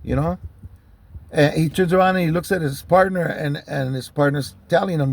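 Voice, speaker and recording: A man from Southern California, with a slightly high, gravelly voice at a moderate pace, tells personal stories in a casual storytelling monologue. He's heated, profane, and rambling.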